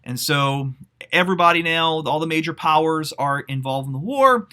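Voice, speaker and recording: A man teaching a high school history class online, explaining in a casual, conversational way with fillers and questions to his students. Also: lively intonation, moderate pace, bright, forceful tone, clear, resonant tone. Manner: casual, conversational explaining with frequent "um" and "you know".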